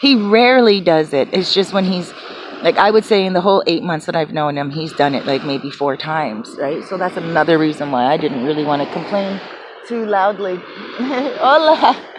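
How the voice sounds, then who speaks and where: Background noise accompanies this low-pitched woman as she talks at a brisk clip. Vlogging from a small apartment, she rambles through a chatty story, restarting often and leaning on fillers.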